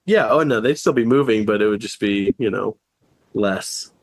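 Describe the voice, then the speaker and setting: A man's voice: fairly low pitch, moderate pace, no room sound. A man under the weather co-hosting a casual podcast, rambling through anecdotes, acting out quotes and laughing often. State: sick, just woke up. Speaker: podcast co-host. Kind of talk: casual chat.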